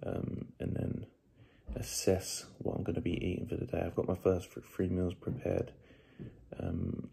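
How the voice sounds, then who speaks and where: A man's voice: deep voice, creaky, warm tone, husky. A young man vlogging casually while tired after no sleep, rambling loosely with fillers and swearing. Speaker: bodybuilder vlogger. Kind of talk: casual vlog chat.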